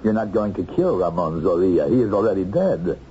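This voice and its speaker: Brief: a resigned, composed fugitive, low and dark voice, dull vintage TV track. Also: male voice, sing-song, fairly quick. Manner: quiet, composed. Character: unmasked male fugitive, calm and resigned. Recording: dull old TV soundtrack, some noise.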